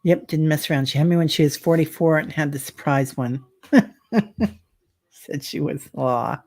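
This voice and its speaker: Slow, rambling woman tarot reader. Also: deep voice, darkish tone. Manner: slow, chatty, rambling with many fillers. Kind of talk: casual livestream chat with viewers.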